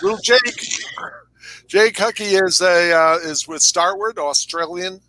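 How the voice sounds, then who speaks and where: A man's voice: sits high, takes it slowly, bright, forceful tone, slight background noise, low-quality recording. A man co-hosting a podcast over a video call, joking and rambling with lots of fillers. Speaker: podcast co-host. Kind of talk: casual chat.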